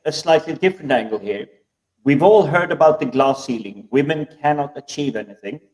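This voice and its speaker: A man's voice: medium pitch, expressive, a little fast, darkish tone. Hesitant man, distant from the mic. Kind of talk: casual panel chat.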